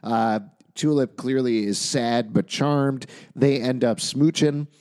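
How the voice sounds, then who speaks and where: A man hosting a relaxed podcast, recapping a TV episode with an animated, joking manner. He rattles off plot points in quick lists at a mid pitch. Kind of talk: casual chat.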